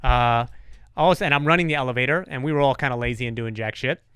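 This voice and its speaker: A man hosting a podcast, telling stories in a casual, profane, animated way. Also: mid-range voice, racing, clean tone, no room sound, studio quality. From New York. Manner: animated storyteller, swears freely. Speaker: podcast host.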